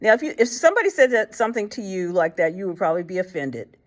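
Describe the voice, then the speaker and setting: A woman's voice: medium pitch, big pitch swings, fast. A woman hosting a casual faith talk, speaking bluntly and colloquially, retelling stories with acted quotes and frequent fillers and restarts. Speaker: host.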